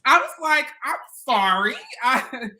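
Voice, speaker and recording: A woman's voice: high-pitched, slow, a crowd in the background. A woman co-hosting a casual chat show, telling stories with lots of laughter. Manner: animated storytelling, laughing often. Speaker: co-host.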